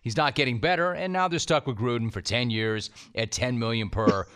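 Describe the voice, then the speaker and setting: A man hosting a casual sports talk show, talking in a quick, assertive way and often repeating himself. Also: medium pitch, fairly bright tone, clear, resonant tone.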